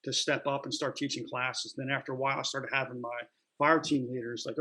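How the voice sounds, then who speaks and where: A man's voice: mid-range voice, flat delivery, fast, bright, forceful tone, breathy edge, poor audio. Plain-spoken middle-aged man. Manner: plain-spoken, loose, many fillers and restarts. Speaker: interview guest, retired Marine. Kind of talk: casual storytelling.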